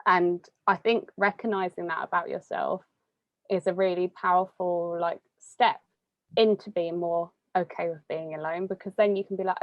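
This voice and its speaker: A woman's voice: fairly low pitch, steady tone, moderate pace, no echo. A young woman talks casually with plenty of fillers and easy laughs. The sound is dry, with no room around it, and slightly dull and muffled. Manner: chatty, laughs often, many fillers. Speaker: interviewee. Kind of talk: casual conversation.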